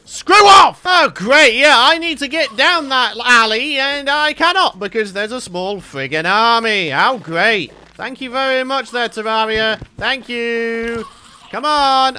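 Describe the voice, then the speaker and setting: A young man narrates his game session with lively, wide-ranging pitch and a bright, sharp tone. He chats to viewers and often bursts into exasperated complaints at the enemies. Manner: animated, exasperated outbursts at enemies. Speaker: gaming YouTuber. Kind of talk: let's play commentary.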